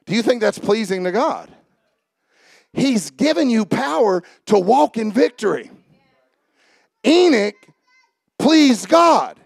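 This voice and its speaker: A high-pitched, gravelly male preacher rouses the congregation with questions and shouted lines. The sound is dry and close. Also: big pitch swings, slow pace, long pauses, no room sound. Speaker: pastor. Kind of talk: sermon.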